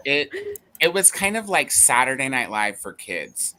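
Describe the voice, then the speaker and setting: A woman's voice: a little slow, slight background noise. A woman hosting a casual group video chat, laughing often as she talks. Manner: giggly, laughs often, lively pitch. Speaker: livestream host.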